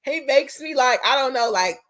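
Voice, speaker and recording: A woman's voice: high-pitched, expressive, moderate pace, fairly bright tone. A young woman vlogger casually telling a story to her viewers, bluntly and animatedly, swearing freely and acting out both sides of a conversation.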